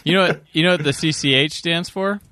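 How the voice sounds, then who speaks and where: A man's voice: on the high side, fast talker, bright, forceful tone, smooth. A man co-hosting a casual film commentary, making blunt, joking asides. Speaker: podcast co-host.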